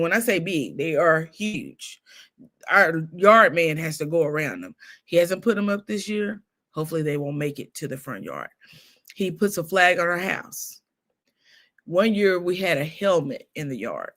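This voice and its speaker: A woman hosting a casual gossip livestream, telling stories in a lively way with laughs. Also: sits low, a little slow. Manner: animated storytelling with laughs. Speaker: show host.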